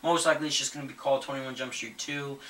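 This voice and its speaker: Male movie vlogger, eager and rambling, crisp bright tone, roomy echo. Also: mid-range voice, steady tone, fast talker, distant mic. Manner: rambling, many fillers and restarts; enthusiastic. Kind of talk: casual news commentary. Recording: echoey room, voice set back from the mic, faint ambient noise.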